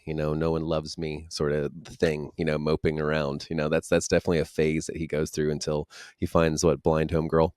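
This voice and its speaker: A man's voice: very deep voice, a little mellow, clean tone, dry recording, studio quality. A man in a casual podcast chat, talking in a laid-back, musing way.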